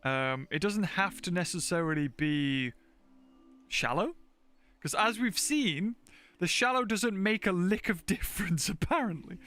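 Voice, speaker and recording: A man's voice: high voice, unhurried, sharp tone. A man chatting casually while streaming gameplay, thinking aloud, laughing often and talking to his chat. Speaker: game streamer. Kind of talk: casual livestream gameplay commentary.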